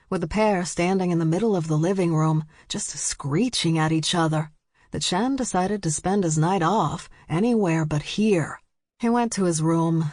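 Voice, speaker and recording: A woman reads a novel aloud in an even, steady storytelling way, her voice sitting a little low. The recording is dry and close, made at a studio mic. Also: no room sound. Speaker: audiobook narrator. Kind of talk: scripted narration.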